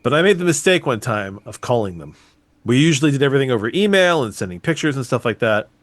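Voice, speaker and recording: A man co-hosting a podcast in casual chat, animated and swearing freely, his voice jumping up when excited. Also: mid-range voice, quick pace. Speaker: podcast co-host.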